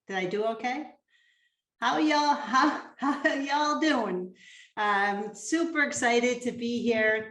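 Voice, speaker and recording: A woman's voice: a little high, fairly bright tone, roomy sound. A woman giving an upbeat live online talk, laughing often and speaking directly to her audience over a webcam. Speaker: motivational speaker. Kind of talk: live webinar presentation. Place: home office on a webcam. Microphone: webcam or computer mic.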